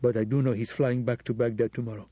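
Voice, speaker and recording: A man voicing a deferential but scheming male embassy administrator who speaks quietly and respectfully, with sly insinuation. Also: medium pitch, flat delivery, fast talker, breathy edge, no room sound, dull audio, lightly acted. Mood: insinuating.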